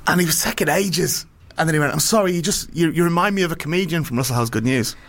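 A man's voice: on the high side, fast, a bit bright, slight background noise. A male comedian, rambling through an anecdote in casual chat, swearing and acting out the other people's voices.

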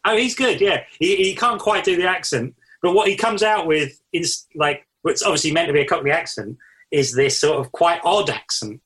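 A man's voice: on the high side, normal speed, a bit bright, slightly rough. A man co-hosting a casual chat, talking keenly about films with lots of fillers. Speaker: podcast co-host.

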